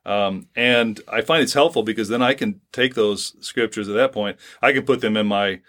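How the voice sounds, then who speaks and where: A man co-hosting a podcast, chatting casually about Bible reading, animated and prone to tangents, acting out quotes with a laugh. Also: fairly low pitch, moderate pace. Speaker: podcast co-host.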